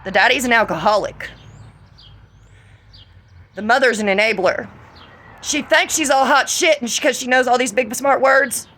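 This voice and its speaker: A middle-aged woman with a Southern US accent, venting in a profane, confrontational vlog monologue that rises to shouts. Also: on the high side, normal speed, pauses often. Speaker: vlogger.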